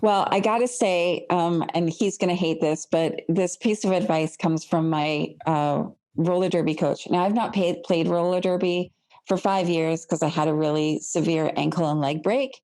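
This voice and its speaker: A woman's voice: fairly low pitch, steady tone, moderate pace, warm tone. Forthright woman guest speaking boldly. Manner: bold, forthright. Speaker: accountant and business guest. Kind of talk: casual interview chat.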